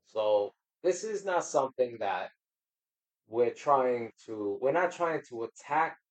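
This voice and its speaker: A man who is a guest on a casual faith podcast, speaking in a halting, preachy way and repeating words. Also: medium pitch, expressive, poor audio.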